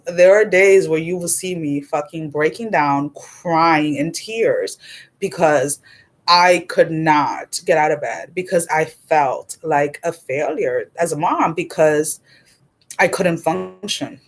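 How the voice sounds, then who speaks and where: A woman in her forties chatting casually on a livestream as a card reader, her voice sitting a little low. She talks in an animated, blunt way, laughing often and swearing without fuss. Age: 40s.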